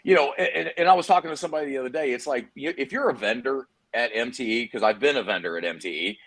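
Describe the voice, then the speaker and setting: A middle-aged man from Texas, a guest on a video-call chat show, telling stories in a hammy, animated way and acting out what others said. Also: mid-range voice, fast talker. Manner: animated storyteller, hammy, acts out quotes. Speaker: guest, PDR trainer. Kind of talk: casual chat.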